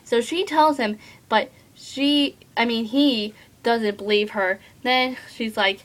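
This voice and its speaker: A woman's voice: a little high, takes it slowly, fairly bright tone, rough recording. A teenage girl reviewing a book at home in a rambling, gushing way, full of filler words. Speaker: book vlogger.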